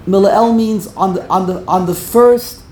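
A woman's voice: mid-range voice, a little slow, a little mellow. A woman teaching a Torah grammar class, emphatic and repeating words while she corrects pronunciation. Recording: echoey room.

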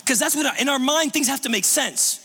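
A male pastor delivers a sermon in a notably high, bright voice. He talks conversationally and animatedly, restarting phrases as he goes. The church hall gives every sentence a long, ringing reverb. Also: animated, a little fast, creaky. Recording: long reverb of a large room.

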